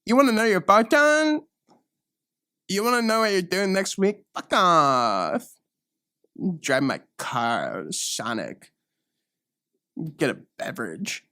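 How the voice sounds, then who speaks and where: A man's voice: mid-range voice, wildly swooping pitch, very slow, creaky, pauses often, bright, forceful tone, no echo, clean studio sound, pitched below the performer's own voice, heavily acted. A man voicing a bratty, bored teenage girl who tells fortunes, whiny and dismissive. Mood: snippy.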